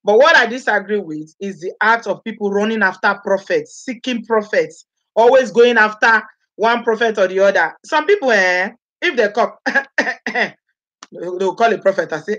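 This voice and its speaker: A woman's voice: medium pitch, normal speed, fairly bright tone, dull audio. Chatty Nigerian woman hosting a live vlog. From Edo State, Nigeria. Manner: chatty, mixes in Nigerian Pidgin, greets viewers by name. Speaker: vlogger host.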